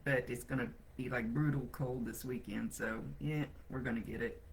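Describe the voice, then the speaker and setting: Gravelly, blunt woman livestreaming from home. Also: a bass voice, fairly even intonation, normal speed, a little hiss or hum. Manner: blunt, grumbling, swears freely. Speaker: psychic medium hosting a weekly livestream. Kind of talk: casual live-stream chat.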